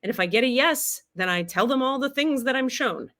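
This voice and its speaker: A woman hosting a live-streamed spiritual teaching with comedy, animated and swearing casually, with big emphatic swings in pitch and loudness as she answers questions. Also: fairly quick.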